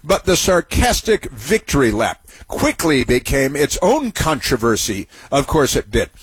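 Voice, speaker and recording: Man, talk radio host, sarcastic, halting delivery, husky voice, dry studio sound. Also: medium pitch, sing-song, no room sound. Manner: sarcastic, mocking, halting with many fillers.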